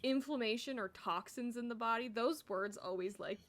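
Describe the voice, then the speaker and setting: A woman's voice: on the high side, moderate pace, a bit bright. A woman co-hosting a casual live-streamed science chat, talking loosely with lots of 'like'. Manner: chatty, heavy 'like', laughs often. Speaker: co-host.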